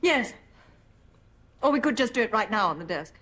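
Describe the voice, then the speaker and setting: A prim, demure young nurse. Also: female voice, on the high side, animated, moderate pace, fairly bright tone. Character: prim young woman nurse, a secret spy. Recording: TV clip audio with faint noise.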